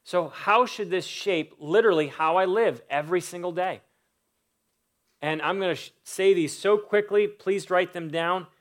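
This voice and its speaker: A man's voice: sits high, normal speed. A man preaching a sermon, building emphatic lists and stressing key words. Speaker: pastor.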